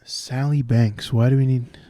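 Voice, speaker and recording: Guy working thru crossword clues out loud, lowish mellow voice, explains as he goes, very dry sound. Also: steady tone, unhurried, no echo. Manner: thinking aloud, explaining clues. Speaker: puzzle solver. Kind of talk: solving crosswords aloud.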